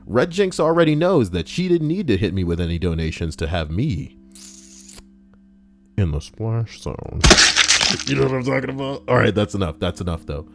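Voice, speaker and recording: A man live-streaming, reading out stories and donations in casual, profane banter that jumps between mumbling and loud outbursts. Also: lowish voice, big pitch swings, moderate pace, creaky, over music.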